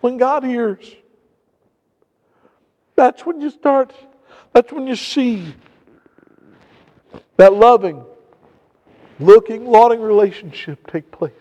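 Man preaching a sermon, very high voice, long hall reverb, hushed to loud emphatic delivery. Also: slow, long pauses, dull audio. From Indiana. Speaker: pastor.

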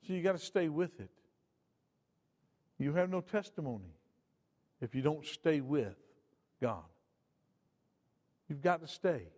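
A man preaching a sermon in a high voice, swinging between loud emphatic bursts and quiet asides. His words ring out with a long reverb from a church hall. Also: big pitch swings, unhurried, pauses often.

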